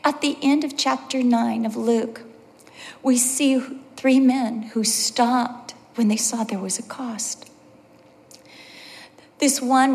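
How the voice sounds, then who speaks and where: A middle-aged woman giving a sermon as a Bible teacher, telling personal stories and acting out the quotes. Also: on the high side. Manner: personal storytelling with acted quotes. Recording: long hall reverb.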